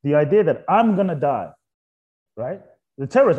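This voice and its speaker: A man talking as an interview guest in a reflective spiritual conversation. He asks repeated rhetorical questions and drops soft and slow on key points. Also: a little high, very animated, muffled recording.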